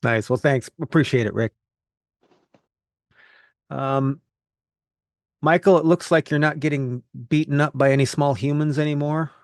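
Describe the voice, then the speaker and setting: A man's voice: fairly high pitch, measured pace, pauses often, no echo, clean studio sound. A man hosting a call, friendly and brief as he thanks speakers and passes the turn. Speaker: host.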